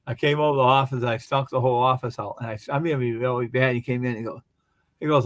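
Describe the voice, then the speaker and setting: A man's voice: mid-range voice, fast talker, a bit bright, no echo. A man rambling through funny stories in casual chat, acting out the other people's lines as he tells them. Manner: rambling joke-telling, acts out quoted voices. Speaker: live stream host.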